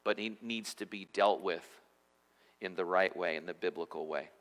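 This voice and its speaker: A man's voice: low voice, normal speed, fairly bright tone. A man giving a sermon as pastor, in a conversational preaching style with frequent restarts and repeated words. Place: church sanctuary. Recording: church hall reverb.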